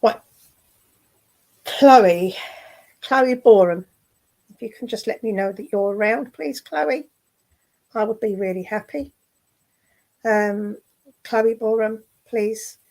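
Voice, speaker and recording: A woman working as a spiritualist medium in an online service, speaking gently and affectionately, with many fillers and restarts. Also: on the high side, unhurried, gravelly, pauses often, low-quality recording. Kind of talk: clairvoyant readings in an online service. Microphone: video call.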